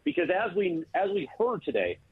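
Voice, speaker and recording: High husky guy calling in on a crackly phone line, teasing and hyping everybody up. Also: moderate pace, dry recording. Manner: animated, teasing, mock-grand praise. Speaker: radio show regular calling in. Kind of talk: casual sports radio banter.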